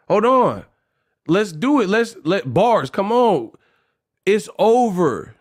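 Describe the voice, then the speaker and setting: A man hosting a casual livestream, talking in a lively way, rapping short rhymes and reading donation messages aloud. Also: sits high, slow pace. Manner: animated, freestyles rhymes, reads donations aloud. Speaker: livestream host.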